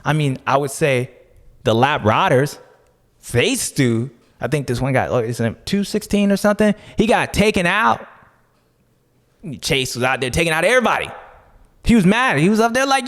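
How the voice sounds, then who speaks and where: A man hosting a podcast, talking casually in an animated, slangy, joking way. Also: a little high, moderate pace, in a large hall. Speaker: podcast host.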